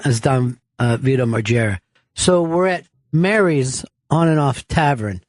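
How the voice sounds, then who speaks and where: A man telling a wild, profanity-filled story on a radio talk show, acting out the shouts and laughing as he goes. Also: medium pitch, no room sound.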